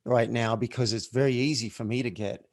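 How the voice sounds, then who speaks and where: Man, coach guest, calm measured delivery, mid-pitched voice, dry close sound. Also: dry recording. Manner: deliberately slow, measured, inviting. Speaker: business coach, podcast guest. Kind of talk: reflective conversational advice.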